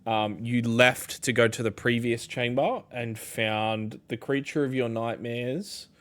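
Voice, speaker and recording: Slow-talking bright-voiced male game master. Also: medium pitch. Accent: Australian. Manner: slow, filler-heavy narration. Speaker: dungeon master. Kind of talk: narrating a tabletop game.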